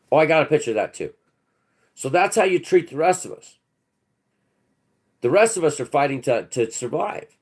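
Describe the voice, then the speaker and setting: A man in the middle of a heated, sarcastic rant, his pitch leaping up and down as he jeers. He repeats taunts in a scornful, profane way as he hosts his own commentary channel. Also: breathy edge. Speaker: channel host. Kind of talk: ranting commentary.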